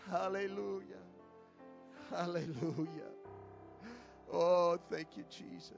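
A man preaching an altar call sermon, repeating pleading invitations, swelling loud and then dropping soft. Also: high-pitched, moderate pace, dull audio, soft background music. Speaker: guest preacher.

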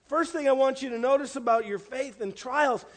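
A man's voice: very high voice, moderate pace. A man preaching a sermon, telling folksy stories with jokes and repeating key phrases for emphasis. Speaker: pastor.

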